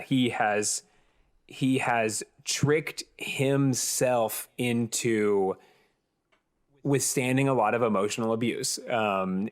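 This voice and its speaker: A man's voice: on the low side, clean tone. A man hosting a podcast in casual chat, rambling and thinking aloud with many fillers. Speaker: podcast host.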